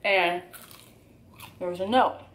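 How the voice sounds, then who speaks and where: A woman's voice: lowish voice, fairly even intonation, slow, a bit bright. A young woman in her twenties telling an emphatic, candid story to camera for her channel while eating at home. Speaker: YouTuber.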